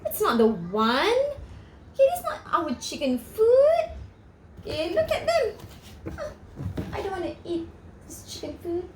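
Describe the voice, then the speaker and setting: Woman reader doing squeaky picky chickens, whiny chant, storybook, roomy sound. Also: wildly swooping pitch, unhurried, few pauses, mellow, a little hiss or hum, exaggerated voice. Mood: sulky. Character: flock of fussy, demanding chickens.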